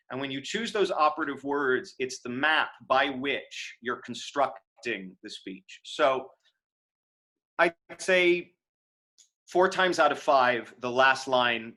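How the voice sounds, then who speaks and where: An American acting teacher lectures on acting over a video call from a room at home, picked up by the call's microphone. His mid-range voice has a sharp tone, and he talks casually with frequent fillers and restarts.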